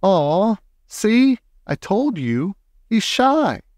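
A man's voice: high-pitched, very slow, dry recording, clean studio sound, pitched above the performer's own voice, full character voice. A man doing an eager young girl. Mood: cheerful. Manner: bright excited chatter, pleading. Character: eager friendly young girl, bold and cheerful.

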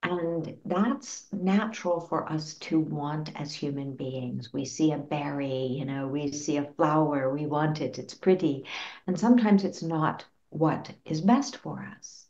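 A woman psychologist answering interview questions in an earnest, gently explanatory way, acting out little quotes. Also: low-pitched, measured pace. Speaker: clinical psychologist guest. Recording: roomy, dull lo-fi sound.

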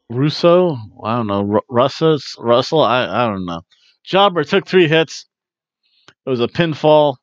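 A man recaps wrestling in a loose, rambling way, cracking jokes and slipping into goofy chants. His voice sits at a middle pitch and sounds a little dull and muffled. The recording is dry, with no room echo. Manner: jokey, breaks into chants and sing-song bits. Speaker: podcast host reviewing wrestling.

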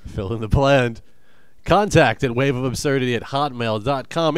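Young man, comedy podcast cohost, teasing, crude banter, smooth resonant voice, dry close sound. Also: medium pitch, normal speed, no echo. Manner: teasing and crude, trash-talking. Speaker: podcast co-host.

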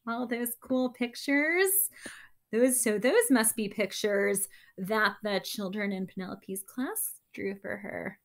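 A woman reading a picture book aloud to children, with expressive, chatty asides to her young listeners. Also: mid-range voice, slow pace. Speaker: story time reader.

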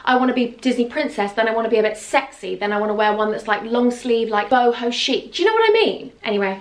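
An excitable young woman chats to her viewers in a gushing, animated way, her voice sitting a touch high. She is some way from the mic, and the room rings with echo. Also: fast talker, few pauses. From England. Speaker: vlogger. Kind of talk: casual chat to camera. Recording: echoey room from a distance off the mic.

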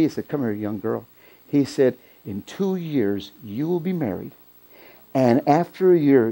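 A middle-aged man preaching a sermon in a church, telling a story and rising to loud, excited peaks. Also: fairly high pitch. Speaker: pastor.

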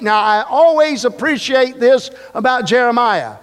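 Man, pastor preaching in a church, very high voice, long hall reverb. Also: expressive, measured pace. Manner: emphatic, repetitive, joking asides. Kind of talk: sermon. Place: church sanctuary.

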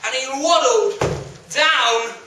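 A young man storyteller telling a folk tale to a live audience in a lively, animated way. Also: very high voice, slow, very noisy. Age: young adult. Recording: echoey hall from a distance.

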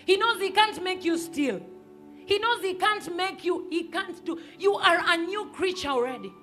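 A woman pastor, preaching a sermon emphatically and sometimes rising to a shout. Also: very high-pitched, animated, normal speed, soft background music. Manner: emphatic, rises to shouts and acts out quoted voices.

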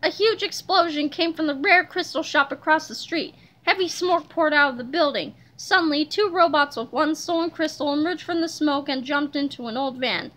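A woman reads a children's chapter book aloud, telling the story in a lively way. Her voice is very high and bright, with a crisp, energetic edge. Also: normal speed, few pauses. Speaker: reader.

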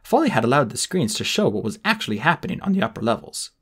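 A man narrates a novel for a homemade audiobook, reading with dramatic expression. His pitch moves a lot, and his voice carries a slightly husky grain. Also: sing-song, fast talker, a bit bright. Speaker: audiobook reader.

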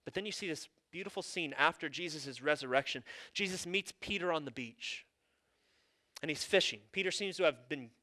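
A man's voice: a little high, moderate pace, bright, forceful tone. A male pastor preaching a sermon in an earnest, conversational way, with casual asides.

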